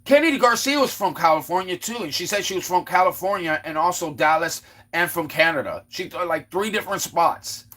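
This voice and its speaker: A man's voice: animated, brisk, hardly any pauses. A man hosting a livestream, telling a long story in a rambling way, stumbling over repeated words and quoting others in his own voice. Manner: exclaims loudly then trails off low. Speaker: livestream host. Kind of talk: casual ranting monologue.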